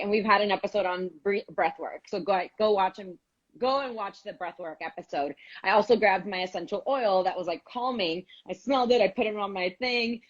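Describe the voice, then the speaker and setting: A woman co-hosting a casual live stream, telling a candid, animated story with some swearing. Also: medium pitch, lo-fi sound. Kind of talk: casual chat.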